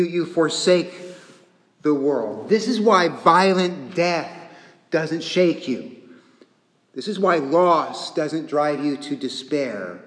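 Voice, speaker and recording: Male pastor, sermon delivery, slow and earnest, long church reverb. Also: a little high, a bit bright. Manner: earnest preaching with repeated phrases, pausing often.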